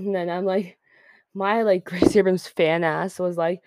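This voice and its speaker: A woman's voice: fairly low pitch, quick pace, darkish tone, no room sound. A teenage girl hosting her own podcast, gushing and rambling in a casual chat, full of filler words. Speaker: podcast host.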